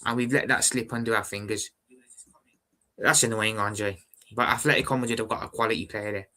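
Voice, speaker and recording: A young man hosts a fan live stream in a bright, forward voice. He talks in a calm, measured way and often repeats his phrases. He chats casually with viewers and calls them brother. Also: lowish voice. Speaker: football fan livestream host.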